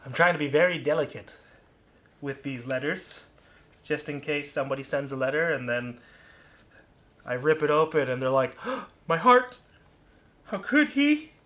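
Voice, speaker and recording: A YouTuber casually reading fan mail aloud, soft-spoken and musing, often trailing off quietly. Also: male voice, mid-range voice, fairly even intonation, moderate pace, pauses often.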